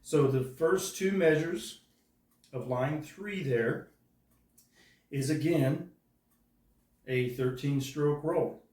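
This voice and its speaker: A man's voice: on the high side, slow pace, pauses often, a little mellow. A man teaching a drum part step by step, patiently counting out the rhythms aloud. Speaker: drum instructor. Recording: echoey room from far off.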